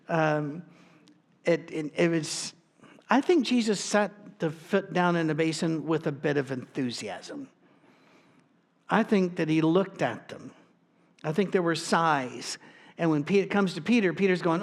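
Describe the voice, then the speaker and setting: A man's voice: fairly high pitch, a little slow. A male pastor preaching a sermon in a plain, informal storytelling way, with frequent restarts and asides.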